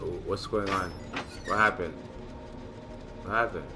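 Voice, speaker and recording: A man casually commentating his gameplay, excitable and joking, with loud profane outbursts. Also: sits low, unhurried, over loud music. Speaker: gamer and channel host.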